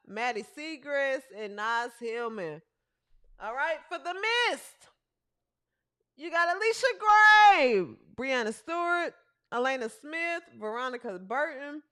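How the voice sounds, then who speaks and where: A woman hosting a casual livestream show, speaking with a high, bright voice that swings widely in pitch. She talks at an unhurried pace, chatting loosely with her viewers. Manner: chatty, animated, talks to the live chat and fumbles with her setup. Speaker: podcast host. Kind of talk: casual livestream chat about women's basketball.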